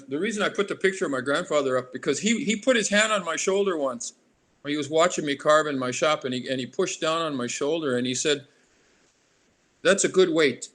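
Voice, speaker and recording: A man in his sixties from Alaska, a guest in an interview, rambling warmly and drifting into tangents. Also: on the high side. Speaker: artist guest. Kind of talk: casual interview conversation.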